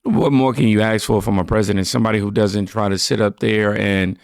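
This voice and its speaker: A man's voice: on the low side, fairly even intonation, a little fast, gravelly, smooth, dry recording, clean studio sound. A man hosting a reaction channel, laid-back, reading viewer comments aloud and riffing on them.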